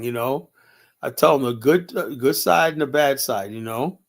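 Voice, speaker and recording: A man's voice: mid-range voice, lively intonation, moderate pace, vocal fry. A man hosting a livestream and talking casually in a rambling, profane way, with many fillers. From United States. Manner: profane, rambling, full of "you know" and "man". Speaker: livestream host.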